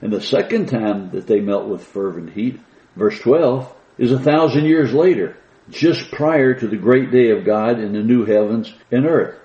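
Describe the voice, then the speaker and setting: A man preaching a sermon, slowing down and lifting his voice to stress the scripture he reads. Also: medium pitch, dark tone, reverberant, highs cut off. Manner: slow, emphatic reading of scripture with rising stress.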